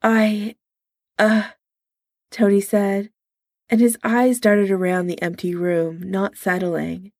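A woman reads a story audiobook-style, slowly and without hurry, in a low, mellow voice full of gravelly fry and with little pitch movement. She keeps things soft and intimate, giving the characters only light changes of voice. The recording is close and dry, with no echo.

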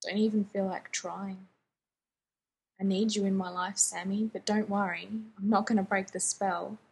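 A woman reading the part of a grieving young man who pleads softly and apologetically to his younger brother in a fan fiction reading. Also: medium pitch, flat delivery, a little slow, vocal fry, a little hiss or hum. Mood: pleading.

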